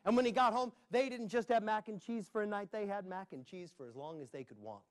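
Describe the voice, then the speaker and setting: In a live session for children at a public library, a male storyteller shares a playful tale with sound effects and asides. His voice sits high, and he moves briskly.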